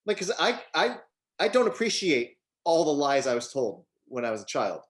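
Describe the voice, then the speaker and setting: A man's voice: on the high side, sing-song, normal speed. A man co-hosting a casual podcast chat, arguing his point bluntly and swearing. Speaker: podcast co-host.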